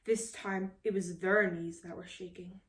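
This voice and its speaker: Expressive woman reading a picture book. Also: on the low side, a little slow, distant mic. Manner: expressive, lively storytelling. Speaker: storybook reader. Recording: roomy echo.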